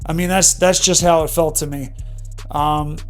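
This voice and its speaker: A man's voice: a little high, fairly even intonation, normal speed, smooth, faint music behind. A man in his thirties candidly telling an emotional personal story in a vlog monologue. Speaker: vlogger.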